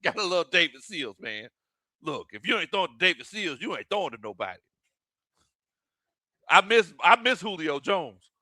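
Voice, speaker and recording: A man hosting live watch-party commentary, excitable and often shouting and laughing. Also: high voice, moderate pace, pauses often, no echo, studio quality. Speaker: sports livestream host.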